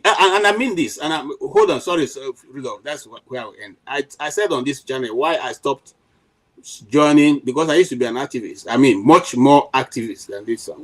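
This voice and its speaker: A middle-aged Nigerian man speaks with a fairly high voice and plenty of fire. He argues his point emphatically on a panel, often restarting his sentences and filling gaps with "you know". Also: poor audio. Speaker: panel commentator. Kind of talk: impassioned political commentary.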